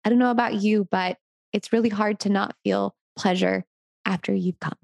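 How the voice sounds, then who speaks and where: A woman in her thirties talks candidly and with encouragement, sharing an educator's frank and relaxed voice. Her voice has a gravelly fry running through it, at an ordinary middle pitch. The sound is dry and close, with no room around it. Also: moderate pace, dry recording. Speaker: sex educator.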